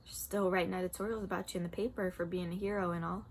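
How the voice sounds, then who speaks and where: A woman's voice: lowish voice, steady tone, quick pace, slight background noise, lightly acted. A woman reading aloud the lines of a hot-headed young male gang tough in a tense, pleading way.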